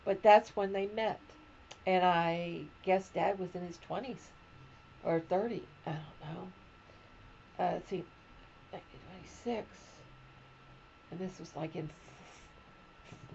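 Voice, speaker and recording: A woman's voice: mid-range voice, slow, gravelly, long pauses, mellow, highs cut off, a little hiss or hum. A woman in her seventies, hosting a crochet show, telling family stories in a rambling, casual chat from home. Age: 70s. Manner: rambling personal storytelling. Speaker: crochet podcast host.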